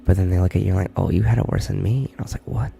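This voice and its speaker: A young man talking in soft, halting whispers in a whispered role-play stream, from his barracks room. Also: sits low, gravelly, soft background music.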